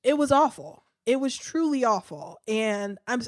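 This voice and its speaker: A woman's voice: on the high side, animated, a little slow, few pauses, dry recording, clean studio sound. A woman hosting a podcast, talking in a chatty, candid way with many fillers, sighs and restarts. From United States. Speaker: podcast host. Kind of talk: casual podcast commentary.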